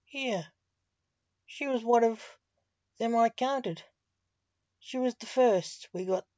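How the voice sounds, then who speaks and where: A woman reading as a male magician's assistant at a morgue, in a slow storybook reading. She keeps her own plain voice for him. The sound is dry and lo-fi. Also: fairly high pitch, darkish tone, no echo.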